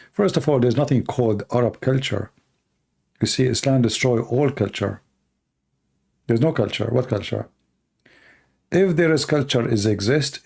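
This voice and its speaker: Gravelly, dark-voiced man talking bluntly. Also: fairly low pitch. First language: Arabic. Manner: blunt, repetitive, emphatic. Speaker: show host answering viewer questions. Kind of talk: casual live-stream talk.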